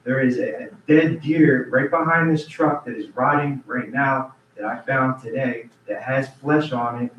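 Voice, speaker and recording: Urgent and earnest, a man delivers public comment at a council meeting, often restarting sentences and repeating himself. His medium-pitched voice is unhurried with hardly any pauses. Slight background noise sits under roomy, distant, dull meeting-room audio.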